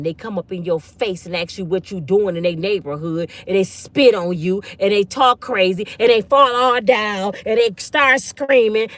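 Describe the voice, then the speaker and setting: A woman's voice: mid-range voice, a bit bright, no echo. A woman ranting bluntly and profanely in a casual livestream on her phone. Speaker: online commentator.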